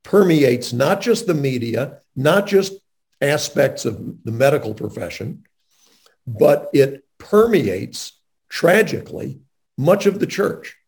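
A man's voice: medium pitch, big pitch swings, slow, darkish tone. A man interviewing a guest in a faith-based conversation, speaking in an earnest, emphatic way.

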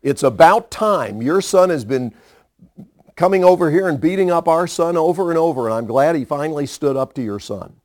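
A woman's voice: deep voice, lively intonation, moderate pace, a little mellow, voice pushed up. A man quoting an indignant mother, firm and emphatic. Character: indignant mother defending her youngest son.

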